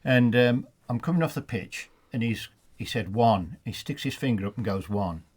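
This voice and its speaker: A man with a Black Country accent, a retired football referee telling funny anecdotes in a relaxed studio chat. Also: mid-range voice, moderate pace, breathy edge. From England. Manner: anecdotal, laughs at his own stories, many restarts. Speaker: studio guest, former referee. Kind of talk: storytelling in a casual chat.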